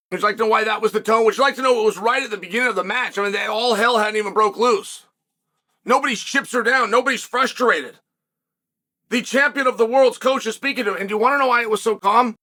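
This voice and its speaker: A man's voice: high voice, pushed and bright. A middle-aged man hosting a commentary monologue for viewers, emphatic, repeating words and asking rhetorical questions. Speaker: host and former fighter.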